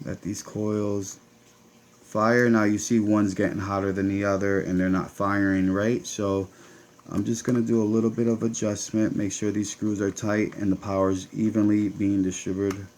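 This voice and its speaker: Working on a hands-on build, a Connecticut-accented man who runs a vape channel keeps up a casual, chatty commentary for viewers. He speaks with a lowish, darkish voice that moves little in pitch, at a moderate pace.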